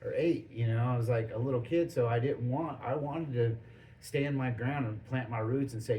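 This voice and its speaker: A man hosting a podcast, telling stories in a rambling, animated way full of restarts and acted-out quotes. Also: medium pitch, normal speed, a little hiss or hum, rough recording. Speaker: podcast host. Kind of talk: casual storytelling chat.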